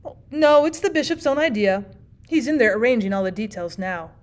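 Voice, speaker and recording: A woman's voice: fairly high pitch, a little fast, natural voice. A woman reading aloud, voicing a cool, mischievous young man who speaks carelessly and matter-of-factly about dreadful plans. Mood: calmly sinister. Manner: calm, careless, matter-of-fact.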